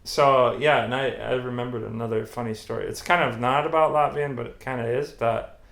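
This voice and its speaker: Guy on a podcast, a bit of fry in the voice, laughs a lot, echoey room. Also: mid-range voice, fairly even intonation, a little fast, a bit bright. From United States. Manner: storytelling, laughs often. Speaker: podcast co-host. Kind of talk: casual chat.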